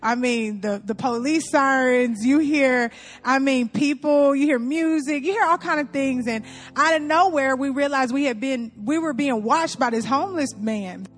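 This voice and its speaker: A woman from Louisiana telling a funny story to an audience, animated, laughing often and calling her listeners y'all. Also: high voice, normal speed, soft background music.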